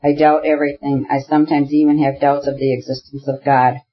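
A man voicing an awkward, troubled young man who speaks in short, plain, halting answers in a storybook reading. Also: mid-range voice, completely flat delivery, muffled recording, lightly acted.

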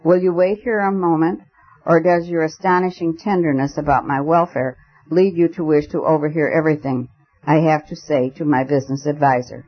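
A man's voice: a little high, steady tone, a little fast, dull audio, natural voice. A man voicing a gloomy male army lieutenant who speaks in a cutting, clipped, abrupt way. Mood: curt.

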